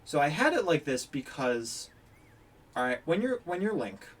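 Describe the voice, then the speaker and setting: A livestreamer giving live gameplay commentary who talks excitably and breaks into loud, frustrated outbursts. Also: medium pitch, normal speed, distant mic.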